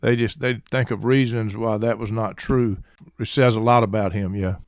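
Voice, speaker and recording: A man's voice: lowish voice, steady tone, moderate pace, no room sound. Affirming male interviewer, dry sound. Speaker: podcast host. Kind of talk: interview questions.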